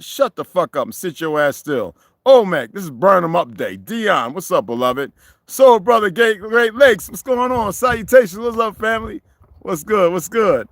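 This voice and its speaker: Cursing, animated man on a livestream. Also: sits high, no echo. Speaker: livestream host. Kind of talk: profane livestream rant and chat greetings.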